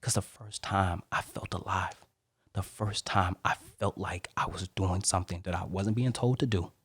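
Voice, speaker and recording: Husky low-voiced storyteller man. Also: normal speed, dry recording, studio quality. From Detroit, Michigan. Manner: animated storyteller who acts out quoted voices. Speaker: guest, Marine and motivational speaker. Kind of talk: podcast interview storytelling.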